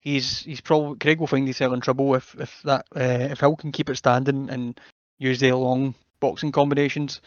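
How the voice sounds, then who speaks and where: A man in relaxed conversation, laying out his reasoning in an easy manner. His voice sounds muffled and lo-fi, with no room echo at all. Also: mid-range voice, moderate pace. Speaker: podcast co-host. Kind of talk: casual chat.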